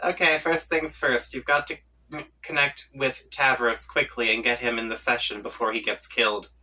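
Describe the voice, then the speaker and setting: A man's voice: medium pitch, flat delivery, normal speed, bright, forceful tone, breathy edge, recorded from a distance, rough recording. A man reading a comic aloud, voicing an irritable young male troll leader who rants in prickly bursts. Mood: ranting. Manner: prickly, ranting.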